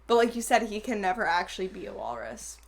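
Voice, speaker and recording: A woman's voice: mid-range voice, fast. A young woman hosting a casual movie review chat, retelling scenes with laughter. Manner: animated, laughing retelling, acts out quotes.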